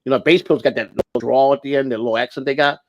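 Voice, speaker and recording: Racing along in a steady, medium-pitched tone, an American livestream host talks on a recording with no room sound and cut-off highs. His casual stream is rambling and blunt, with free swearing and restarted sentences.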